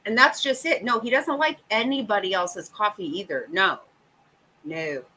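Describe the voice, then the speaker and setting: Brief: middle-aged woman host, bright voice, swearing, exasperated casual chat. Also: medium pitch, normal speed, a little hiss or hum, low-quality recording. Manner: profane, exasperated, laughing often.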